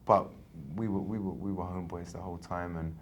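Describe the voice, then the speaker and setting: A man's voice: low-pitched, a little fast, a little hiss or hum. A man in his thirties from England, an actor chatting in an interview, telling stories animatedly with many restarts. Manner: animated storytelling, frequent restarts. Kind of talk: casual interview chat.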